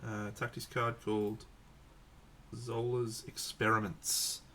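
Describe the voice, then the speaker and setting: Bright-voiced Australian man. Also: on the low side, level tone, takes it slowly, a little hiss or hum. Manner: joking, laid-back banter with a mate. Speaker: streamer painting miniatures. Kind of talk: casual live-stream chat.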